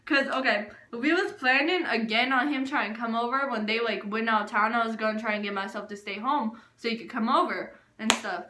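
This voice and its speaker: A young woman casually telling a storytime vlog, animated and full of filler words. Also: fairly high pitch, a little fast, few pauses, echoey room, a little hiss or hum. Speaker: vlogger.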